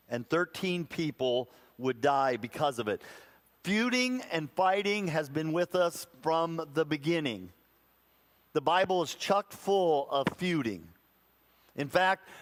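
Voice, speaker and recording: A pastor preaching a sermon to a congregation, telling stories in a conversational way, often restarting and repeating words mid-thought and laughing at himself. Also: male voice, on the high side. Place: church sanctuary before a congregation.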